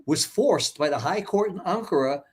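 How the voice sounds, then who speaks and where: A man's voice: high voice, expressive, normal speed, slightly rough. A man in his seventies, a guest in a casual interview, telling his story bluntly and swearing for emphasis. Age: 70s.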